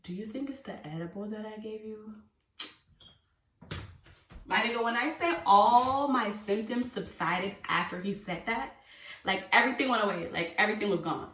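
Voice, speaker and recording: Roomy, distant woman telling a story. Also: on the low side. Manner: animated, swears freely, acts out her own panic. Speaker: vlogger. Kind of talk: casual storytime monologue. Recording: roomy sound from away from the mic.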